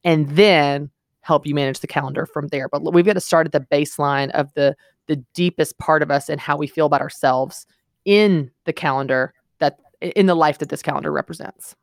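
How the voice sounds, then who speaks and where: A woman with a low voice speaks as a guest author on a podcast, earnest and emphatic as she tells her stories. The sound is dry and close, with no room around it. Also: fairly quick, dry recording. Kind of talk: podcast interview.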